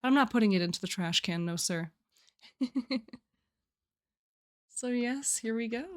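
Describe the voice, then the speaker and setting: A woman's voice: a little high, lively intonation, unhurried. A young woman streaming live, chatting casually and giggling often as she walks through her writing challenge. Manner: chatty, giggly, restarts phrases.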